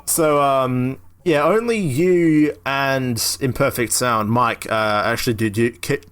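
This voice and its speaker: Brief: casual male podcast host, mid-pitched, rambling and laughing. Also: slow pace, fairly bright tone, clear, resonant tone. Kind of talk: casual chat.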